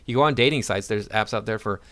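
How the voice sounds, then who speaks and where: A man's voice: on the low side, fast talker, fairly bright tone. A man hosting his own channel, reading news articles aloud and breaking in with sarcastic, mocking asides. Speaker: YouTube commentator.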